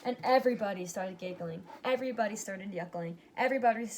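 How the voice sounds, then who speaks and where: A woman reading a rhyming picture book aloud, giving its characters lively but plain voices. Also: mid-range voice, fast talker, a little hiss or hum. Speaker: reader.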